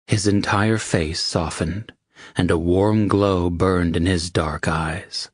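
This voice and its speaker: A man narrating an audiobook with a steady, measured reading. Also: low-pitched, no echo, studio quality. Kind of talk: scripted narration.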